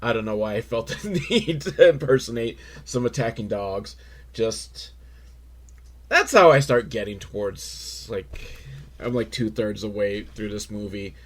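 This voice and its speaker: A man hosting a podcast, recapping a film in a crude, rambling, self-mocking way with sudden loud outbursts. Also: on the low side, animated, unhurried. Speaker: podcast host reviewing a film. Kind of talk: casual comedic film recap.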